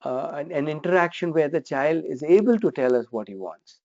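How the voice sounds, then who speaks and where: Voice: medium pitch, expressive, fairly quick, warm tone. A workshop trainer, coaching participants through a parenting role-play in a direct, encouraging way. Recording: dull lo-fi recording.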